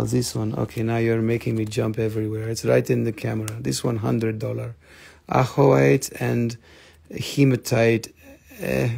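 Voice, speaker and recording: A man's voice: mid-range voice, gravelly, warm tone, slightly rough. A man hosting a live crystal sales stream, joking around and switching into playful broken-English banter.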